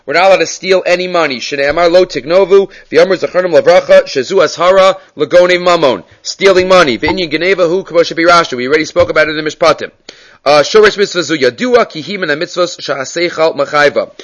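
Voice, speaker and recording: Animated man teaching a Torah class. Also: fairly high pitch, quick pace, lo-fi sound. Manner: mixes Hebrew and Yiddish terms into casual English teaching; animated, rising emphasis on key points. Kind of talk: daily Torah class on the mitzvot.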